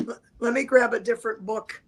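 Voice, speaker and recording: A woman's voice: fairly high pitch, fairly even intonation, brisk, poor audio. A woman guest explaining astrology in a rambling, conversational way over a video call. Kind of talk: casual livestream chat.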